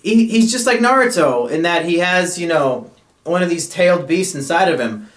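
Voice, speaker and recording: A young man co-hosting a casual chat, excitable and swearing, laughing as he tells stories. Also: fairly high pitch, moderate pace, reverberant. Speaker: co-host.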